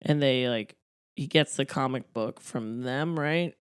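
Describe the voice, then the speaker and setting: A person chatting casually about a film, calmly correcting and adding plot details. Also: mid-range voice, unhurried, clear, resonant tone, dry recording, studio quality. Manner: relaxed, corrects and adds details. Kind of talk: casual chat recapping a film.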